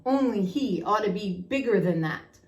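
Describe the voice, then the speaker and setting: An irrepressible storybook tiger who hams up every line, drawing words out for dramatic effect, as a woman puts him on. He sounds a little higher and louder than a plain reading voice, relishing the spooky tale. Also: expressive, moderate pace, natural voice. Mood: gleeful. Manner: dramatic, hooting, theatrical. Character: bouncy boastful male tiger, irrepressible.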